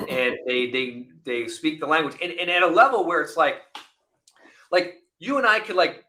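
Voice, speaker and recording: Man, forties, bright voice, podcast guest, animated storytelling, casual chat. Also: on the high side, normal speed. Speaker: podcast guest, former Navy SEAL officer.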